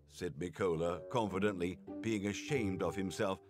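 A man narrating a game's story in an expressive storybook way. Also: on the low side, moderate pace, over music.

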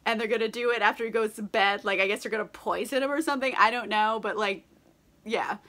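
A woman's voice: on the high side, quick pace, bright, forceful tone. A young woman recapping a play in a casual, tipsy chat, giggling often and filling her talk with "like" as she mock-voices the characters. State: tipsy from wine. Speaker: book vlogger.

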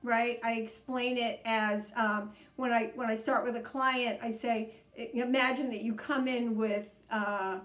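A woman leading a guided tapping session, coaching calmly and repeating each step. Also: a little high, a little slow, few pauses. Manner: calm, repetitive, coaching tone. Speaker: EFT tapping practitioner. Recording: echoey room.

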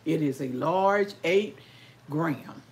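A woman's voice: deep voice, slow, a little mellow. An older woman, chatting casually with viewers while eating, folksy and talkative. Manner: folksy, chatty, talks with mouth full. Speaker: vlogger.

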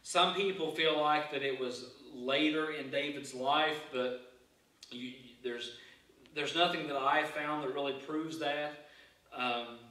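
A man pastor preaching a sermon in a church, earnest and halting, often restarting his phrases. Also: on the high side, steady tone, bright, forceful tone. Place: church sanctuary. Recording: echoey church hall, mic far off.

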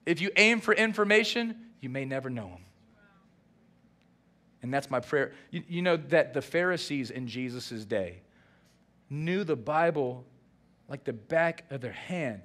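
A man, the senior pastor, preaching a sermon and acting out lively dialogue. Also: medium pitch, a little slow, pauses often. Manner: animated preaching with acted-out dialogue.

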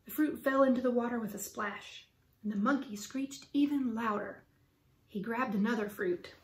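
Expressive woman reading a children's book. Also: fairly high pitch, normal speed. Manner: lively, expressive storytelling. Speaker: teacher reading aloud. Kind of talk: children's book read-aloud. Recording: roomy echo.

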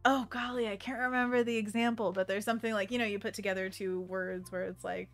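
A young woman with a Pacific Northwest American accent hosts a casual art livestream as a digital artist, bubbly and giggly while she paints and reads chat aloud to viewers. She talks fast with a medium-pitched, fairly bright, steady voice over soft background music.

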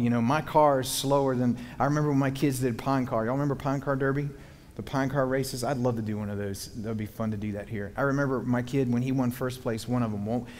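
A man preaching a sermon in a folksy, animated way, wandering off into stories. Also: medium pitch. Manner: folksy, animated, digressive storytelling. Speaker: pastor. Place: church hall. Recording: long hall reverb, faint background noise.

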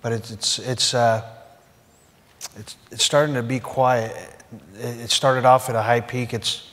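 A middle-aged man answering on a panel in an earnest, halting way, often repeating words. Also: medium pitch, fairly even intonation, fairly bright tone. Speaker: panelist, Medal of Honor recipient. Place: auditorium panel. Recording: echoey hall sound.

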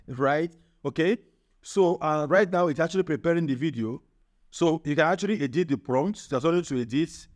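A man hosting a screen-recorded software tutorial. He keeps checking in with the viewer with a quick "right?". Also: fairly high pitch. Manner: chatty, repeats "right?" to the viewer. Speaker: tech tutorial host.

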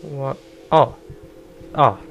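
A man hosting a let's play, commenting on a horror game in an excitable manner with frequent swearing. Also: medium pitch, very slow, gravelly, dull audio, heavy background noise. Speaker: gaming channel host.

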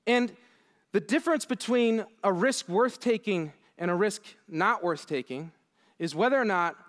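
A young man giving a conference keynote, telling a funny story and acting out his own lines with lively, self-deprecating energy. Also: high voice, unhurried. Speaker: keynote speaker. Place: conference hall.

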